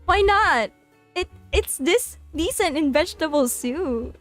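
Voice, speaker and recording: A woman streaming a game and chatting casually with her viewers, animated and exclaiming, often in mock outrage. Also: sits high, a little slow, dry recording, soft background music. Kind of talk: casual live-stream chat.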